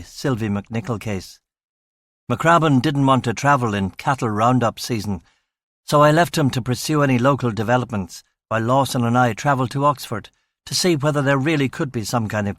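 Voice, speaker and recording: Measured male audiobook narrator, dry sound. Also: mid-range voice, a bit bright, dry recording. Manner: measured, dry, matter-of-fact. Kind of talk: scripted first-person audiobook narration.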